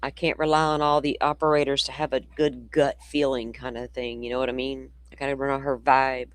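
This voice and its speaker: A woman's voice: a bass voice, level tone, a little fast, no echo. A woman hosting a true crime show, reading news reports aloud and breaking off into opinionated, conversational asides to her viewers. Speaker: true crime podcast host.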